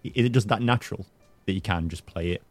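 A man's voice: sits low, fast talker, soft background music. A young man hosting a casual podcast chat, teasing and jokey with his guest. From English Midlands, near Birmingham. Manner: teasing, jokey, laughs often. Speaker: podcast host.

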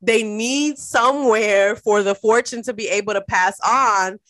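A woman's voice: medium pitch, unhurried, fairly bright tone, dry recording. A woman co-hosting an entertainment chat show, upbeat, reading news items in a conversational way. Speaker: co-host.

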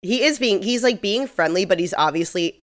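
A woman's voice: mid-range voice, lively intonation, a little fast. A woman co-hosting a podcast, chattily walking through a TV episode's plot with amused asides. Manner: chatty, frequent "like" fillers, amused. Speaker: podcast co-host. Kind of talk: casual episode recap chat.

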